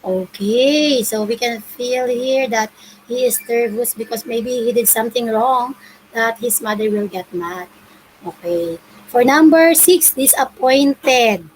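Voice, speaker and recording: A woman's voice: a little high, a little slow, slight background noise, poor audio. A woman teacher from the Philippines with a Filipino accent, leading an online English class and encouraging her pupils as she switches between Tagalog and English. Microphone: video call.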